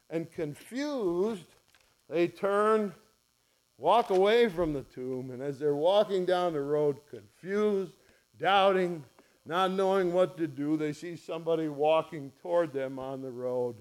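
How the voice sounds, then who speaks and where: Slow-speaking preacher man. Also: fairly high pitch. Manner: storytelling preacher, acts out quoted voices softly and loudly. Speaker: pastor. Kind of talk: sermon. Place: church.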